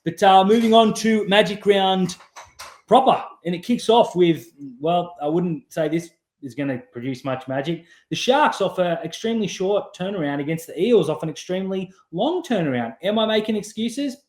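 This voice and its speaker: A man's voice: high-pitched, lively intonation, moderate pace, a little mellow, roomy sound. An Australian man hosting a rugby league podcast, ranting with strong opinions in casual chat. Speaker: podcast host.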